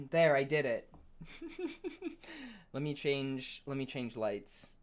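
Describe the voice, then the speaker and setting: A man's voice: medium pitch, expressive, takes it slowly. A male streamer chatting casually and rambling while reading chat, swearing offhandedly and laughing easily. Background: faint piano playing.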